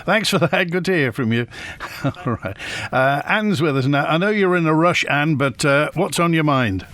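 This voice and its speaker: A man's voice: on the high side, expressive, moderate pace, fairly bright tone. A man with a Manx accent hosting a radio phone-in, chatty and prone to repeating words as he searches for them. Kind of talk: casual phone-in chat.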